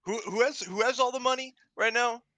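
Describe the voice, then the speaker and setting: A man's voice: very high voice, fairly quick, bright, forceful tone, no echo. A man playing in a tabletop game, chatting casually and teasing the others. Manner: teasing, laughs often. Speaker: player.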